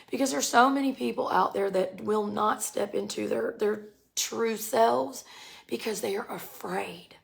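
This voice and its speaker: A woman in her forties giving a casual spiritual talk in a slangy, animated way, often laughing. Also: medium pitch, measured pace, gravelly. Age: 40s. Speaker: spiritual speaker.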